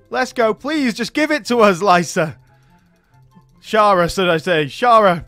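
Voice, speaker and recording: High-voiced man chuckling through gameplay commentary. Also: unhurried, a bit bright, dry recording, faint music behind. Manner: chatty, chuckles often between remarks. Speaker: gaming YouTuber.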